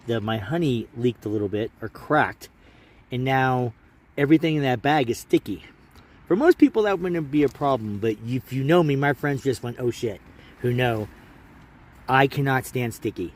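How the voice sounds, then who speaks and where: A man's voice: medium pitch, moderate pace. A man vlogging outdoors at a mountain campsite while hiking, chatty and rambling, a little tired, talking into a handheld camera. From Alaska. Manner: chatty, rambling, self-interrupting. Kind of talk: casual vlog narration.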